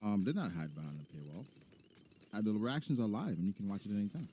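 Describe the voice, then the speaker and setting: A laid-back man co-hosting a podcast chat, easygoing and full of slang. His pitch sits on the low side but swings widely, and his tone is mellow, with faint room noise behind him. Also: sing-song, quick pace.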